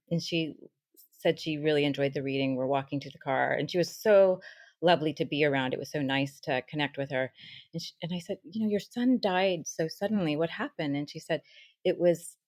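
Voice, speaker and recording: A woman with a low voice on a close, dry podcast mic. She tells a story with lively turns, dropping into soft asides and acting out the voices of the people she met. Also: no echo. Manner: animated storyteller, acts out quoted dialogue, soft asides. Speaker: spiritual teacher and medium, guest.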